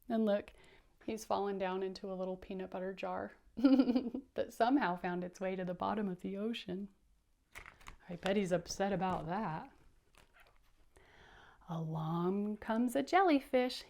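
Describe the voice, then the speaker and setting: A woman's voice: mid-range voice, unhurried, long pauses, warm tone. A woman teacher reading a picture book aloud to young children, laughing and stopping to explain words.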